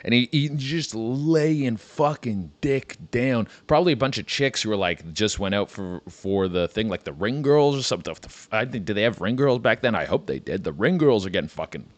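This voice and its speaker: A man's voice: lowish voice, animated, moderate pace, hardly any pauses, dry recording. A man hosting a comedy podcast, riffing in a rambling, profane monologue and saying "dude" a lot.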